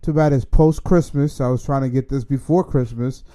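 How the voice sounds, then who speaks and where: Man, podcast host, mellow voice, joking, casual banter. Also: medium pitch, fairly even intonation, moderate pace. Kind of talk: casual chat.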